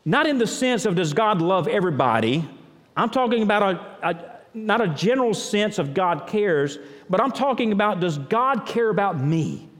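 A man preaching a sermon as pastor, chatty and thinking out loud, often repeating words as he goes. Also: high-pitched, very animated, moderate pace. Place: church sanctuary. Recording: long reverb of a large church.

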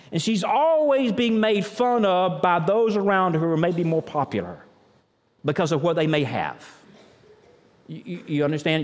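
A man preaching a sermon as pastor, chatty and thinking out loud, often repeating words as he goes. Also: a little high. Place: church sanctuary. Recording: long reverb of a large church.

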